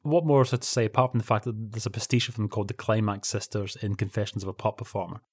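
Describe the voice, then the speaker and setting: A podcast co-host chats casually about old television, rambling and wry, constantly breaking off and restarting. His lowish voice is quick, a little mellow and slightly rough, with fairly even intonation and a clean studio recording with no echo.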